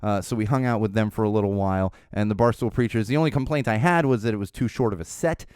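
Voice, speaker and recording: A man's voice: lowish voice, fast talker, a little mellow, clear, resonant tone, no echo, clean studio sound. A man hosting a podcast, telling a long casual story with many fillers and restarts. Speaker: podcast host.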